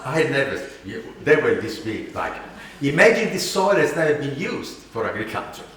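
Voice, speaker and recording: Man, Italian accent, animated self-mocking storytelling, slow delivery, distant mic, very echoey hall. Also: medium pitch. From Italy. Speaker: keynote speaker. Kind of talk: storytelling talk.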